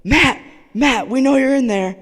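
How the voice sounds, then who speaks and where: A man voicing a group of rowdy, drunk young men loudly calling for their friend. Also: extremely high pitch, a little slow, long reverb tail, voice pushed up, full character voice. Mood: drunken shouting. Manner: loud, yelling.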